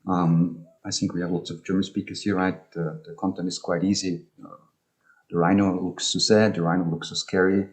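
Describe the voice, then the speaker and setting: A man with a very low voice presents an academic talk over a video call. He speaks hesitantly, pausing on ums and restarting phrases as he explains. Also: level tone. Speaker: speaker presenting on music and poetry.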